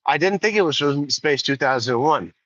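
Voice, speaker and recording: A man's voice: on the high side, expressive, moderate pace, fairly bright tone, no echo. A man hosting a casual solo podcast, rambling, laughing often and correcting himself as he goes. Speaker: podcast host. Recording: dull lo-fi sound.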